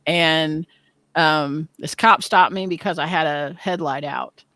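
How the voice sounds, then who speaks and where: A woman in her fifties telling a story in casual chat, animated and self-deprecating, often laughing. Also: sits low, slow, no echo. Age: 50s.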